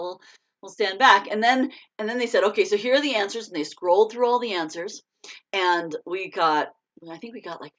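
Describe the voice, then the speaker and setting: A middle-aged American woman, an author, chatting casually to a live audience, laughing often and breaking into excited bursts. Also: lowish voice. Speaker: author hosting a live chat. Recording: dull lo-fi stream audio.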